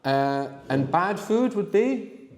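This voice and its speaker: A man teaching a live language workshop, explaining slowly and prompting his students to answer. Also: high-pitched, expressive, darkish tone, long reverb tail. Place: room with students.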